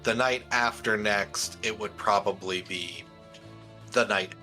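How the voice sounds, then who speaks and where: A man playing in a tabletop game, chatting casually and joking in an unhurried way. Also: fairly low pitch, fairly even intonation, bright, forceful tone, soft background music. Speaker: player.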